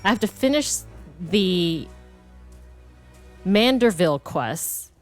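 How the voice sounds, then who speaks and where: A woman streamer talks over her game in a loose, rambling way, stopping and restarting her sentences. Her voice sits a little low for a woman, and faint game music plays underneath. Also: expressive, slow, no room sound. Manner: rambling, full of likes and restarts. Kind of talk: casual gameplay chat.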